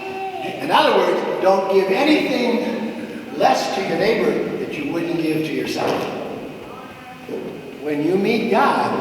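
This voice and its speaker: A man preaching in a church with a high voice that rises and falls freely. He tells his story slowly and keeps checking in with the congregation. The sound is roomy and echoing, with the mic some way off. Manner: animated storytelling, checking in with listeners. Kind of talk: sermon. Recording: echoey hall, mic far off.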